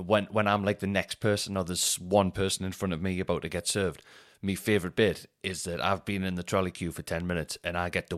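Male podcast host, lowish voice, rambling sweary anecdotes that he laughs through. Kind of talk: casual storytelling monologue.

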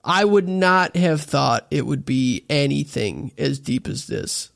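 Casual co-host: a man with a slightly high, gravelly voice, recorded dry and close, recapping an anime episode by episode. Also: animated, takes it slowly, no echo. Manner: laid-back, swearing, summarizing episodes. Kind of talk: casual chat.

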